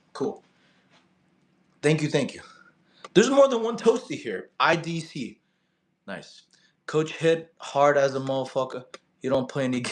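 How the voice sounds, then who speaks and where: Young male fitness streamer, raised in Russia, rambling and slangy, fairly high voice, echoey room sound. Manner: loose, slangy, many fillers and restarts. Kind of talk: casual live-stream chat reading viewer questions.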